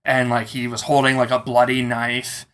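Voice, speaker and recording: A man recounting a personal story in a casual interview, animated and expressive as he tells it. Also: mid-range voice, moderate pace. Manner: animated, acts out quoted voices.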